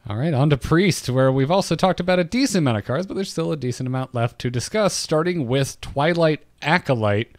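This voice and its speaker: A man's voice: on the high side, lively intonation, fairly quick, hardly any pauses, no echo, clean studio sound. Wry man hosting a podcast. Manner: wry, sarcastic, reads card text aloud. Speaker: podcast host. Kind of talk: casual podcast discussion.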